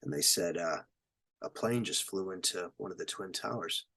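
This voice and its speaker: Husky-voiced man telling war stories. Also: sits low, normal speed. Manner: animated storyteller, acts out quotes and sound effects, swears freely. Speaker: military veteran guest. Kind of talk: storytelling in a podcast interview.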